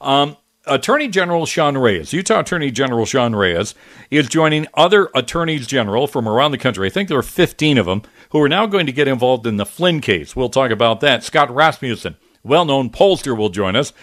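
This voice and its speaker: A middle-aged man hosting a talk radio show, talking in an animated, indignant, conversational way with frequent restarts. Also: medium pitch, fairly quick, dry recording, studio quality. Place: radio studio.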